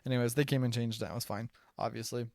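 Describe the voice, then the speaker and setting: A man's voice: mid-range voice, steady tone, fast, creaky, darkish tone, no echo, studio quality. A young American man casually telling stories on a podcast, chatty and full of "like.". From United States. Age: young adult. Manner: chatty, filler-heavy, says "like" often. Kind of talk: casual storytelling. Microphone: close podcast microphone.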